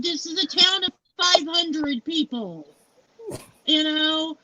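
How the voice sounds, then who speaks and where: The interview guest, a founder and CEO in her forties, has a high voice that sounds pushed and bright as she tells a personal story live. Frank and blunt, she swears freely and says "you know" a lot, captured in muffled lo-fi live stream audio.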